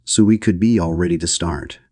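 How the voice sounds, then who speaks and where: A man reading an audiobook, voicing a shrill, fretful middle-aged society hostess. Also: a little fast, a little mellow, husky, dry recording, studio quality.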